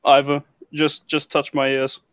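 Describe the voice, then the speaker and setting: A man's voice: fairly high pitch, monotone, a little slow, a bit bright, clear, resonant tone. A man chatting as a guest on a livestream, goofy and self-mocking. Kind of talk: casual livestream chat. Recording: dull lo-fi sound.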